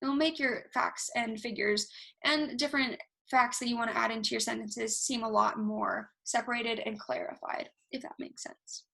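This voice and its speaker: Young woman presenter, fast and animated, slightly high voice with gravelly fry. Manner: self-described fast talker, animated, talks with hands. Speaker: university research workshop presenter. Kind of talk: casual instructional presentation. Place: alone, recording herself at a computer. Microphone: recorded through video call software.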